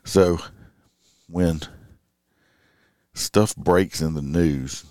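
A man's voice: deep voice, very slow, dark tone, dry recording, studio quality. A middle-aged man, a police officer talking in a casual, rambling late-night monologue full of fillers and restarts.

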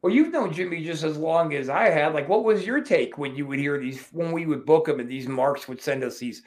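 A man telling profane, animated stories as a guest in a casual chat. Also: a little high, fairly quick. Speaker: wrestling promoter guest.

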